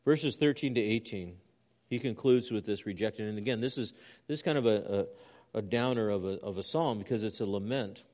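A man's voice: lowish voice, fairly quick, darkish tone, long reverb tail. A man preaching a sermon as a pastor, reading scripture aloud with rising intensity.

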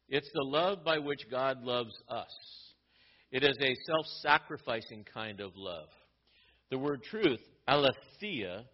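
A man's voice: mid-range voice, dull audio. A male pastor giving an explanatory sermon, teaching from a Bible letter with frequent restarts.

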